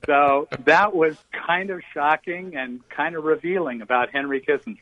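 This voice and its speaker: A man guest in an interview, recounting stories in a measured, explanatory way. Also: on the high side, dry recording. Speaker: guest journalist. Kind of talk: interview storytelling. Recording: dry phone-like remote line.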